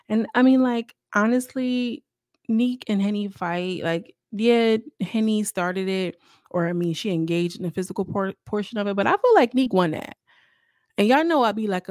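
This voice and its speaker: A young woman talking through a reality show episode in a chatty, animated way, full of slang and asides. Her voice sits at an ordinary middle pitch for a woman. It is recorded dry and close, with no room sound. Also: no echo. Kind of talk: casual commentary.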